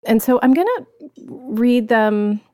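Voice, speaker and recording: A woman's voice: fairly high pitch, lively intonation, slow, mellow, no room sound, clean studio sound. A woman hosting a podcast, chatting casually and reading out listener questions in a friendly way. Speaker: podcast host.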